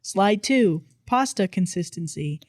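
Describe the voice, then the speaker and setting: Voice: mid-range voice, expressive, measured pace, darkish tone, no echo. A narrator reading online posts aloud in casual storytime style, with dry, playful emphasis.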